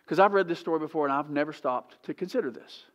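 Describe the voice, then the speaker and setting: A male pastor preaching a sermon in church, animated and often questioning the congregation directly. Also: on the high side, quick pace. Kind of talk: sermon teaching.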